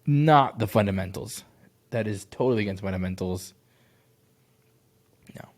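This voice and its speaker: A man critiquing a sales call, blunt and animated, swearing casually. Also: fairly low pitch, normal speed. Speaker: sales coach reviewing a call.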